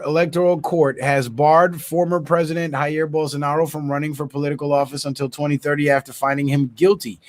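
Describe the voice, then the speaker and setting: A man hosting his own channel, reading news reports aloud, stumbling over words and breaking off with indignant comments of his own. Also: a little high. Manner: stumbles and restarts words while reading, adds indignant asides. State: yawning, tired. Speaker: channel host.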